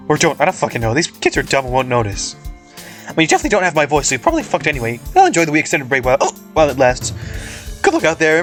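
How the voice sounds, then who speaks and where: A man's voice: on the high side, a bit bright. A man voicing a grumpy, sarcastic male troll who sounds put-upon and dry, in a fan comic read-aloud.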